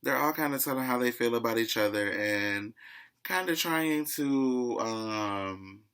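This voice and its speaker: A man's voice: mid-range voice, a little slow, fairly bright tone, clear, resonant tone. A man casually recapping a reality TV episode in a chatty, gossipy way, often calling the listener "child".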